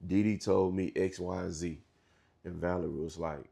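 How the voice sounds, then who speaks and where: Gravelly deep-voiced man telling his story. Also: steady tone, dark tone. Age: 30s. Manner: halting, restarts often, slangy and profane. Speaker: interview guest. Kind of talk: candid storytelling interview.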